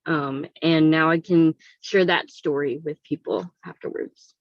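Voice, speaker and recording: A woman's voice: low voice, fairly even intonation, unhurried, dry recording. Hesitant woman on a muffled video call. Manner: hesitant, many fillers, emotional. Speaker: book co-author.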